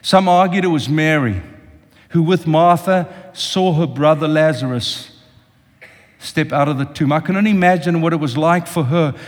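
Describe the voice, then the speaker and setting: Impassioned older preacher in a reverberant hall. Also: male voice, a little high, normal speed. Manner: impassioned, speaks directly to the congregation. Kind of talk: sermon. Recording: long reverb of a large hall.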